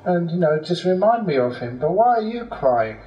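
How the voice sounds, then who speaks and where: Man putting on a weeping rich father, raised pitch, pleading, echoey hall, mic far off. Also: sing-song, moderate pace, muffled recording. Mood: tender, coaxing. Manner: wailing, pleading. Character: grief-stricken wealthy father, weeping. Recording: roomy hall, distant mic.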